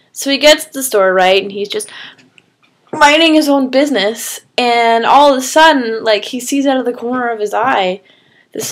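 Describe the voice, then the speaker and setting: A woman casually telling a made-up story, rambling with fillers and swearing. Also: a little high.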